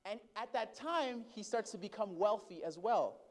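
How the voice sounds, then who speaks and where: A man with a high voice preaching, who shifts from loud calls to soft asides as he tells his story. He speaks to the congregation as brothers and sisters and draws responses from them. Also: expressive, moderate pace. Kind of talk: sermon storytelling.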